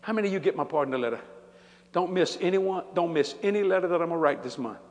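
A man's voice: fairly high pitch, lively intonation, fast, dull audio. An older man preaching a sermon, telling stories animatedly and laughing along as he goes. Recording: church hall reverb.

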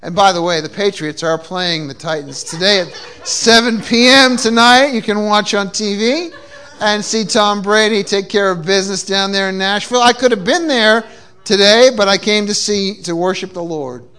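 A man's voice: high-pitched, normal speed, bright, forceful tone. A man preaching a sermon with call-and-response cues and frequent repeated restarts, from New England. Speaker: pastor. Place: church.

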